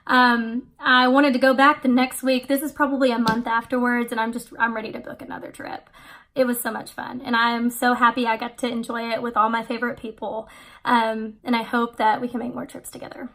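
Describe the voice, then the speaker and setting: A chatty young woman vlogging about her trip, her voice sitting a little high. She rambles along with plenty of "like" and "um", in an easy storytelling way. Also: flat delivery, a little fast, a bit bright. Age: 20s. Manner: chatty, many fillers and "like". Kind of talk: casual storytelling.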